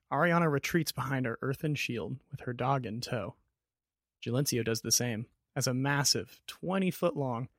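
A man reading a fantasy story aloud as narrator, in steady, descriptive narration. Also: mid-range voice, no room sound, studio quality.

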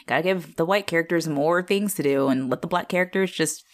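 A woman's voice: on the low side, a little fast. A woman co-hosting a casual rewatch podcast, talking bluntly and animatedly and laughing often. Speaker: podcast co-host.

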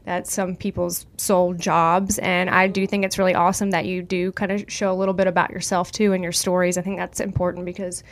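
A woman's voice: fairly low pitch, level tone, a little fast, few pauses. Chatty woman host with a slight country twang. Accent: slight country accent. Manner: chatty, uses "like" a lot, encouraging. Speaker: show host. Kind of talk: casual interview chat.

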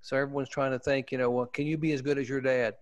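A man's voice: medium pitch, little pitch movement, quick pace, no echo. A man and former pit reporter, telling a story in a casual interview, enthusiastic and rambling with restarts. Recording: dull, muffled lo-fi audio.

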